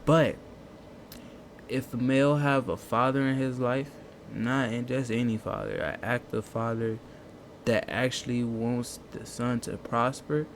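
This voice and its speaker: A man's voice: medium pitch, steady tone, a little slow, slight background noise. A man hosting a reaction video, talking loosely in casual slang with lots of restarts. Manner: loose, slangy, rambling talk with many restarts.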